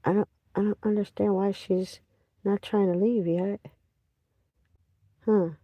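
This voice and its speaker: A woman's voice: medium pitch, steady tone, measured pace, warm tone, dry recording. A woman in her forties from Wisconsin, telling rambling, profane stories on a casual livestream from a parked car.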